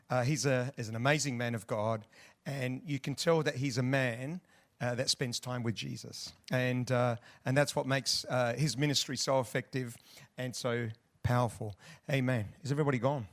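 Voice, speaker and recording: A man introducing the guest preacher at a church service, halting with many fillers. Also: mid-range voice, fairly even intonation, a bit bright. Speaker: church host introducing the speaker.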